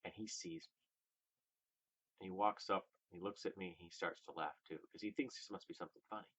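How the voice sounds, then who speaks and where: A very deep, husky male voice recounting a personal story in a vlog. He swings between loud, emphatic bursts and hushed, breathy whispers. The recording sounds dull and lo-fi. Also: steady tone, fairly quick. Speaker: vlogger.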